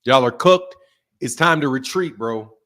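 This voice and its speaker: A man hosting a live boxing stream, trash-talking brashly, laughing often and swinging from loud outbursts to low mutters, with speech. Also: animated, measured pace. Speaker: boxing channel host. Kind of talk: live stream commentary with viewer chat.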